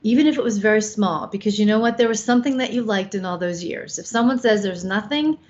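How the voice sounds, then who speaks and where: A woman's voice: medium pitch, quick pace, darkish tone. A woman over fifty co-hosting a show, giving frank, coaching advice with casual swearing. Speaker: co-host. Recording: slightly dull lo-fi sound.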